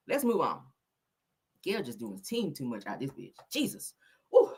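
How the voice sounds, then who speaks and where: A woman hosting a casual gossip show, loud, laughing and full of slang as she teases. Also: sits low, wildly swooping pitch, moderate pace, pauses often, slightly rough. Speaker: show host.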